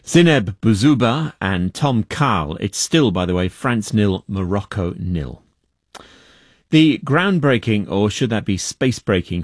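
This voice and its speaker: A man presenting radio news and interviewing guests, measured and formal. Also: on the low side, dry recording, clean studio sound.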